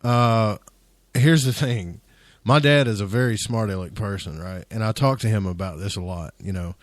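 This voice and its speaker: A man's voice: fairly low pitch, normal speed, no room sound. A man hosting a radio talk show, chatty and telling his own story, often asking "right?". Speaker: radio host. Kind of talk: casual radio interview.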